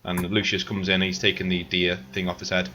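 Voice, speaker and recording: A man narrating a tabletop game as game master, halting with many fillers. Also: low voice, monotone, sharp tone, slight background noise.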